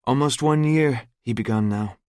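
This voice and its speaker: A man's voice: mid-range voice, moderate pace, darkish tone, dry recording, clean studio sound, voice pushed up, close to an everyday voice. A man voicing a blunt, accented woman clerk. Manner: broken, clipped English. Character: female gas station clerk with a foreign accent, blunt.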